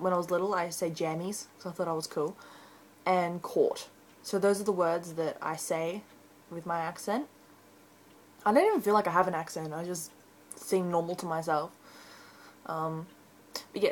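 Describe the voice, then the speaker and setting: A woman's voice: lowish voice, slight background noise, rough recording. A teenage girl from Brisbane with an Australian accent, chatting casually and rambling with frequent ums in an accent-tag video, recorded on a webcam. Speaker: vlogger.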